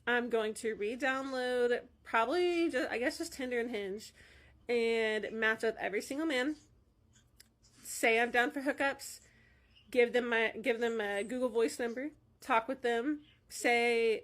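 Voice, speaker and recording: Sarcastic woman with a slightly high voice. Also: measured pace, a bit bright. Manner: sarcastic, spiteful. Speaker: vlogger. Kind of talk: social media rant.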